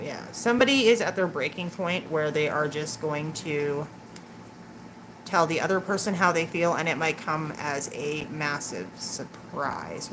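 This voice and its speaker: A woman doing a live-stream tarot reading, chatting and teasing with her viewers and laughing often. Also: low voice. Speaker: tarot reader. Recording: clear background noise.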